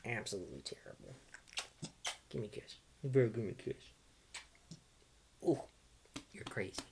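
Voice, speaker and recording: Man, casual livestream host, playful, self-teasing, medium pitch, faint background hiss. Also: moderate pace, vocal fry. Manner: playful, self-teasing, coos at his dog.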